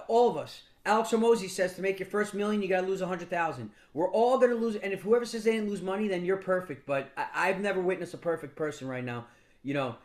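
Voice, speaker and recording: A man telling motivational stories to a mastermind group, casual and blunt with some swearing, often restarting and repeating words. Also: sits high. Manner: casual, blunt, with mild profanity. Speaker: business mentor speaking to a mastermind group. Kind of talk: motivational storytelling talk.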